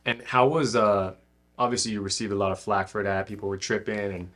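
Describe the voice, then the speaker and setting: A man's voice: lowish voice, fairly even intonation, fairly quick, fairly bright tone. A man co-hosting a podcast, asking questions in a laid-back, slangy, affirming way. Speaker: podcast co-host. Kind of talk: casual podcast interview.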